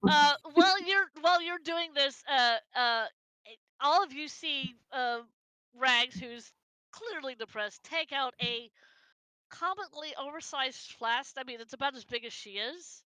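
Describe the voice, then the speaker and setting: Game master, woman, high and bright, slow and halting narration. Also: no echo. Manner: hesitant, restarts often while describing.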